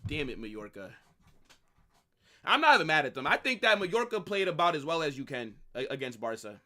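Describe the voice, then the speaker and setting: A young man, reacting live to a football match in excited, exasperated rants full of swearing and repeated phrases. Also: fairly high pitch, a little fast. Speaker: football watch-along streamer.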